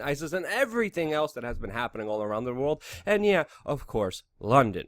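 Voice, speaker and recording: A man's voice: mid-range voice, dry recording, clean studio sound. A young adult man hosting a news commentary vlog, talking in a sarcastic, emphatic and indignant way. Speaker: host.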